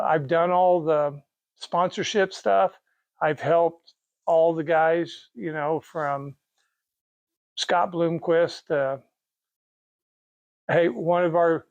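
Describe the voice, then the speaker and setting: On the high side with vocal fry, this middle-aged Kansas man, who owns a race car parts business, rambles through a folksy story, restarting and quoting dialogue as he goes. It's casual storytelling, with dull audio and no echo.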